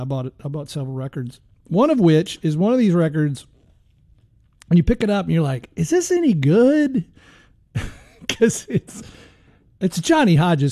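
A man's voice: on the high side, warm tone, no echo, studio quality. A middle-aged man hosting a jazz radio show, chatting casually in a rambling, folksy way with plenty of fillers.

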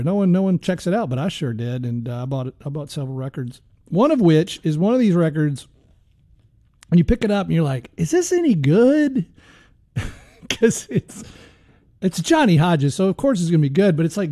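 A man's voice: mid-range voice, dark tone, no echo, studio quality. A man hosting a jazz radio show, chatting casually about records in a rambling, easygoing way with lots of trailing fillers.

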